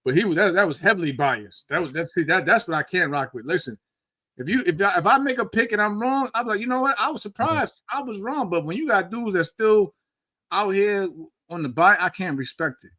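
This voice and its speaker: A man's voice: high voice, expressive, a little fast, sharp tone, no echo. A man, a former boxer co-hosting a podcast, talking in loose, slangy casual chat with many restarts.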